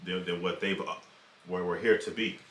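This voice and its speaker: A man with a very deep yet bright voice chats through a reaction video. He pauses, restarts and repeats himself as he works through ideas. The mic sits back in an echoey room. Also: steady tone. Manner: halting and repetitive, musing aloud. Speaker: reaction channel co-host. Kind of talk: casual reaction commentary. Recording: roomy echo, distant mic.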